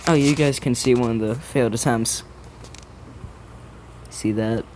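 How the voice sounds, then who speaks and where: A man's voice: mid-range voice, unhurried, heavy background noise. A man casually retelling a story, rambling with many restarts and casual swearing.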